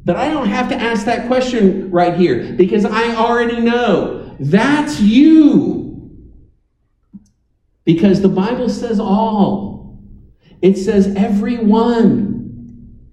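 A man's voice: high-pitched, slow, mellow, reverberant, distant mic, poor audio. A man preaching a sermon, telling stories with dry, wry humor. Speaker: pastor.

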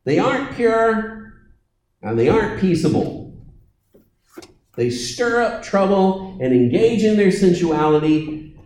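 A man preaching a sermon, telling stories and acting out voices with dramatic pauses. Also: high voice, very animated, a little mellow, reverberant, poor audio.

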